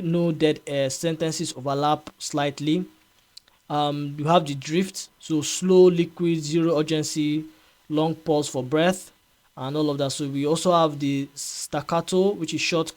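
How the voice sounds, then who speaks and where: A man explains software in a casual screen-recorded tutorial, his voice sitting a little higher than most men's. He talks in a loose, repetitive way, filling gaps with "um" and checking in with "right?". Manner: chatty, repeats himself, frequent fillers and "right?" checks. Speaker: tutorial host.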